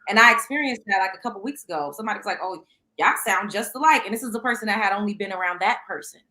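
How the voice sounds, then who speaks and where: Young female host, bright tone, lively and loose, swears freely, laughs a lot. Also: mid-range voice, racing, rough recording. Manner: animated, laughs often, swears casually. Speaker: podcast host. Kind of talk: casual chat.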